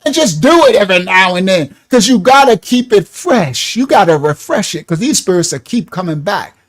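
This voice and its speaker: A man's voice: sits high, very animated, moderate pace. A man preaching casually, telling a story in slangy street talk, laughing often and swinging his voice up and down.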